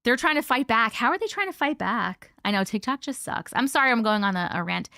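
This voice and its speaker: Woman live-streamer, casual rambling chat, bright and forceful tone, slightly high voice, dry close sound. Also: animated, a little fast, no echo. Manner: chatty and rambling, swears casually, thanks viewers by name. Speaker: host of a live stream reading viewer stories.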